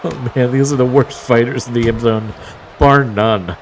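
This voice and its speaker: With a steady tone and a moderate pace, the wrestling commentator keeps up his play-by-play in a medium-pitched voice, slight noise behind him. He mocks wryly and occasionally chuckles.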